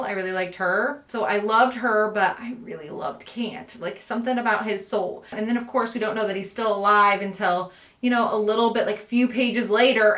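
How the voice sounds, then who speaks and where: A woman's voice: medium pitch, fairly bright tone, echoey room. A woman talking casually and animatedly as a book vlogger, laughing often as she reviews a horror novel.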